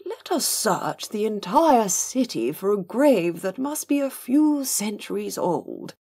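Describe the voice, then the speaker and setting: A woman's voice: mid-range voice, very animated, slow, dark tone, husky, voice pushed up, exaggerated voice. A woman reading an audiobook, voicing a dry, sarcastic middle-aged noblewoman.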